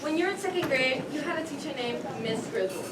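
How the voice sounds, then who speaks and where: A woman's voice: high-pitched, animated, fast. Woman narrating wryly on stage. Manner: dramatic, wry storytelling. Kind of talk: stage narration in second person. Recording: echoey stage, far mic, loud noise.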